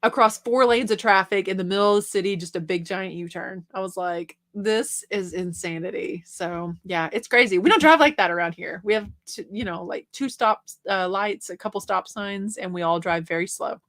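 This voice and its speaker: A woman's voice: mid-range voice, moderate pace, few pauses, fairly bright tone. A young adult woman hosting a casual livestream, reading viewer comments aloud and chatting back about reselling. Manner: chatty, reads comments aloud and answers them.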